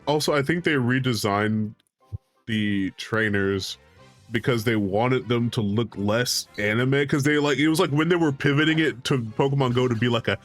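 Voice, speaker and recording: A male streamer chatting casually with friends on a gaming stream, excitable and quick to swear. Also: mid-range voice. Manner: excitable, swears when riled up. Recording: faint music behind.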